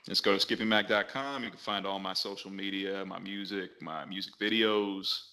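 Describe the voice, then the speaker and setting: A man talking as a podcast guest in casual chat, relaxed and rambling with frequent restarts. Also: low voice, normal speed.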